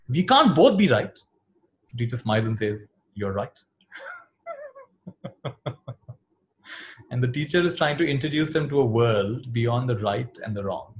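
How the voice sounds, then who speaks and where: A man giving a dharma talk to a youth group, telling teaching stories and acting out the characters' lines with soft laughs. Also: medium pitch. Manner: animated storyteller, acts out quotes, laughs softly.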